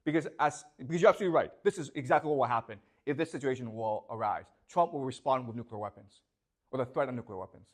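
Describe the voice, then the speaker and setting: A man's voice: mid-range voice, quick pace. A male professor giving a classroom lecture, emphatic and questioning, who keeps checking in with the class.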